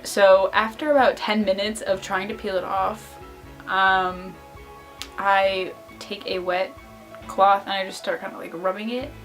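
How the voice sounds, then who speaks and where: A woman's voice: medium pitch, level tone, unhurried, fairly bright tone, soft background music. A young woman vlogger casually telling an embarrassing story to the camera, filling her talk with "like". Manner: chatty, lots of "like" fillers.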